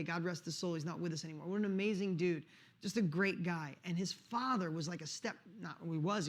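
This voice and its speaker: A middle-aged man telling his life story to an audience as a motivational speaker, earnest and emphatic, often repeating words. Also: high voice. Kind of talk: emotional personal storytelling.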